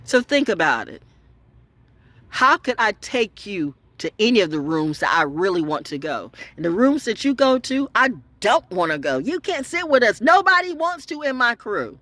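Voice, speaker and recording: A woman broadcaster talking in a profane, unscripted rant, swinging from loud high outbursts to low mutters. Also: big pitch swings, normal speed, dry recording. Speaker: online storyteller and broadcaster. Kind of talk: unscripted ranting monologue.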